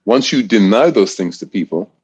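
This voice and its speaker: A man's voice: fairly low pitch, lively intonation, normal speed, a little mellow, husky. A man in his sixties from Great Britain, a college throws coach telling stories in a casual interview, rambling with frequent restarts.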